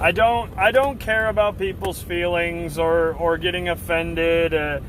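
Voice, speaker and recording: A man hosts a live stream and chats with his viewers in passionate, assertive bursts. His voice sits fairly high and he takes his time. A faint hum of traffic runs behind him. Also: fairly even intonation, unhurried, fairly bright tone. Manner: assertive, fired-up rants. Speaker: livestream host. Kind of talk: casual chat with live chat.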